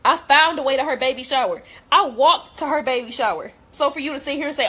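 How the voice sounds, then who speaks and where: A woman's voice: high voice, quick pace, bright, forceful tone. A young woman, talking straight to camera in an emotional rant, blunt and cursing heavily. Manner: blunt, heavy cursing, hurt and heated. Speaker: vlogger.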